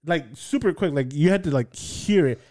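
A man chatting casually and telling an animated story, acting out the quoted voices with sudden jumps in pitch. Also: normal speed, no echo, clean studio sound. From South Florida. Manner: acts out quotes with jumps in pitch, swears freely.

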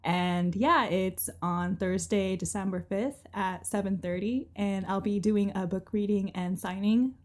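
A woman comics artist speaking as a guest, laying out her event details in a plain, measured way. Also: medium pitch, darkish tone. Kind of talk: casual chat.

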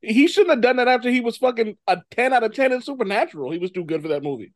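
This podcast host, a man with a high voice, keeps the conversation loose and lively, quick to laugh and quick to curse. The recording is intimate and dry, without any echo or room sound.

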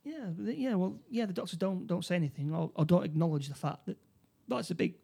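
A man chatting casually about a movie, his voice on the darker, mellow side. He stops and restarts his sentences often, then drops into quick quoted lines from the characters. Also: sits high, creaky, breathy edge. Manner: halting, many restarts, acts out quotes. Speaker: podcast co-host. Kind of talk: casual film discussion.

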